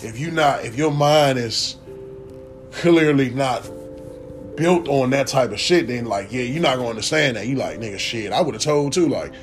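A young man ranting casually to camera as a vlogger, animated, profane and rambling. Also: mid-range voice, normal speed, soft background music.

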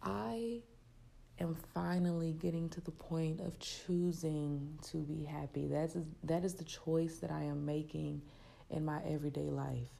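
Raspy, low-voiced woman podcast host. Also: fairly even intonation, a little slow. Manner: soft, reflective and heartfelt, with frequent laughs. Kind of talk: casual solo podcast talk. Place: open, spacious area away from her usual recording spot.

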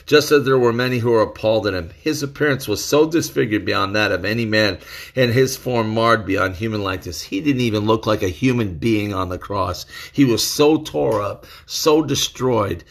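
A man's voice: fairly low pitch, normal speed, gravelly. A male preacher teaching through a scripture passage in an earnest, emphatic way, repeating key phrases. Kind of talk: bible teaching sermon.

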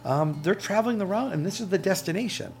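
A man's voice: high-pitched, animated, fast, gravelly, faint music behind. A man, a motel owner, talking upbeat and casual in an interview with many fillers.

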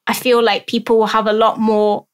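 A woman's voice: on the high side, flat delivery, normal speed, smooth. A woman speaking as a podcast guest and educator, earnest and effusive, often restarting words. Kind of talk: heartfelt conversation.

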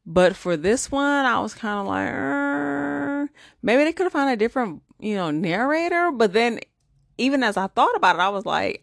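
Gravelly-voiced chatty woman reviewing a movie. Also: on the low side, no echo, studio quality. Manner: chatty, filler-heavy, conversational with viewers. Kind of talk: casual movie review vlog.

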